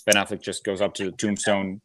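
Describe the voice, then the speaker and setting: Low-voiced hesitant man, dry sound. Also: little pitch movement, a little fast, fairly bright tone, no room sound. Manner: nervous, hesitant, fidgety. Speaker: podcast co-host. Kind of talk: casual movie discussion.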